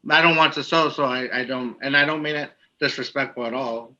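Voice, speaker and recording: A man's voice: medium pitch, steady tone, a little fast, bright, forceful tone, muffled recording. A young man co-hosting a podcast, joking around and reading out listener questions in casual chat. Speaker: podcast co-host.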